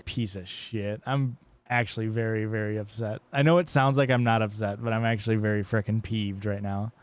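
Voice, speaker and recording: A man's voice: fairly low pitch, flat delivery, fairly quick, clean tone. A man streaming a game live, chatting casually and joking with chat, often swearing playfully.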